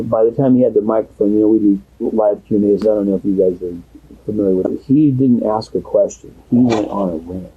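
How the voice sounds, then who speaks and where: A man's voice: lowish voice, husky. A man, a pastor, talking at length in a secretly recorded private conversation, rambling and earnest, at times emotional. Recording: tinny phone-like audio recording.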